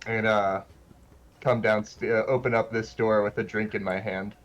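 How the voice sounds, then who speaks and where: A man playing a tabletop game in a relaxed, giggly way. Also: on the low side, moderate pace, muffled recording, soft background music. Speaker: player. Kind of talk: casual tabletop play.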